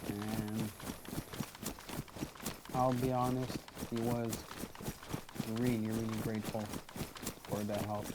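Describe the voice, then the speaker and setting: Guy doing a tired survivor talking to himself, low flat voice, loud game noise behind. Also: takes it slowly, pauses often. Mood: pensive. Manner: quiet, low-key inner musing. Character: weary male survivor musing alone. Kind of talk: game role-play narration.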